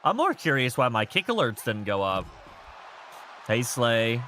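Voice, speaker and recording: A man streaming a wrestling game, chatting casually with viewers, rambling and reading chat aloud, with loud bursts as he reacts to the match. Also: medium pitch, big pitch swings, unhurried, pauses often, slight background noise.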